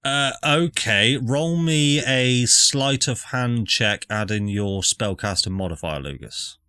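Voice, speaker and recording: Man, dungeon master, bright tone, dry close mic, halting narration full of ums. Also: medium pitch, clean tone, dry recording. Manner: hesitant, filler-heavy narration. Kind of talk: narrating a tabletop game.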